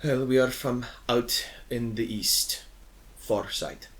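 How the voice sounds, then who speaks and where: A man's voice: mid-range voice, takes it slowly, fairly bright tone, rough recording. A man voicing a hesitant female ship captain who halts and searches for words in an unfamiliar tongue, in a tabletop game. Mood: searching.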